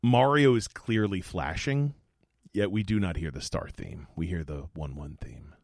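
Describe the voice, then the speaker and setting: A man co-hosting a podcast in casual chat, excitable, gasping, laughing and swearing as he talks. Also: deep voice, measured pace, gravelly, no echo, studio quality. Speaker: podcast co-host.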